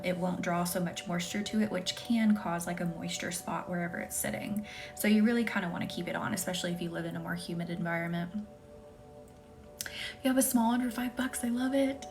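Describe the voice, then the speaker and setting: A young woman hosting a live Reiki stream, chatting casually with viewers by name and often dropping into a soft whisper. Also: fairly low pitch. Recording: faint music behind.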